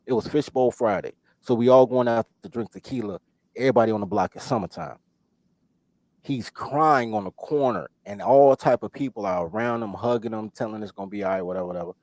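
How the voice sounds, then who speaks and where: A man telling a story on a podcast in casual chat, animated and profane, loudly quoting himself. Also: lowish voice, a little fast, no echo. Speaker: podcast host.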